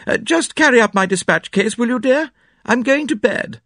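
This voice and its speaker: A man voicing an older, imperious woman of the house who gives brisk orders in a raised voice. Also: extremely high pitch, animated, a bit bright, no room sound, studio quality, voice pushed up, exaggerated voice.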